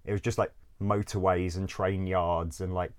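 A man whose voice sits very deep and low shares a story in a relaxed, friend-to-friend manner. His level, clean-sounding delivery moves at a normal speed, full of fillers, tangents and free swearing, and he chuckles at his own misadventures.

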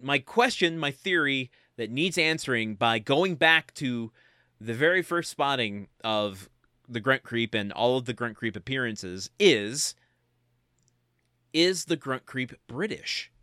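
A man's voice: medium pitch, expressive, measured pace, bright, forceful tone, smooth, no echo, clean studio sound. A man co-hosting a podcast, chatting casually and laughing often while he floats playful theories. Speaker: podcast co-host. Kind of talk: casual chat.

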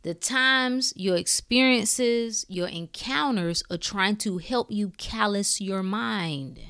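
A woman hosting a podcast, speaking in a blunt, preachy way with swearing and shifting between calm talk and fired-up bursts. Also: medium pitch, slow pace, clear, resonant tone. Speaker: podcast host. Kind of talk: impassioned spiritual talk.

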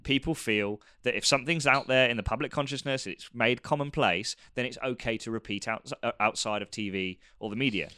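A man talking in a casual podcast discussion, earnest and argumentative, often pausing on fillers and restarting his sentences. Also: medium pitch, sharp tone, clear, resonant tone, no echo, studio quality.

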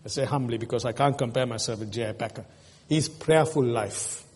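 Earnest pastor preaching in a reverberant church. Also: male voice, medium pitch, fairly even intonation, rapid-fire, darkish tone, breathy edge. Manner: earnest, emotional preaching with rhetorical questions to the congregation. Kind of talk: sermon. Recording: long reverb in a church hall.

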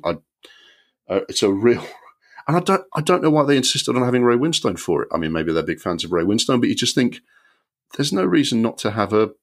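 A man co-hosts a film podcast in a relaxed, chatty way. His voice sits very low and deep. He is opinionated and rambles, often restarting his sentences. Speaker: podcast co-host. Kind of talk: casual film review chat.

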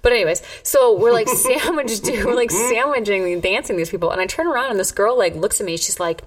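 A woman's voice: medium pitch, animated, brisk, far from the mic. A brash woman co-host tells a story in loose, casual chat, swearing freely and padding her lines with fillers. Her voice sits a little back from the microphone. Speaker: podcast co-host.

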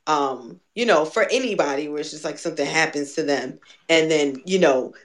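A woman's voice: sits low, normal speed. A woman in casual conversation who talks candidly and emphatically, swearing freely.

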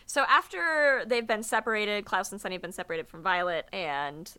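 A woman's voice: mid-range voice, moderate pace, sharp tone, clean tone. A young woman co-hosting a podcast, chatting casually and enthusiastically about books and laughing often. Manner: giggly, enthusiastic. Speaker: podcast co-host. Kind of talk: casual book discussion.

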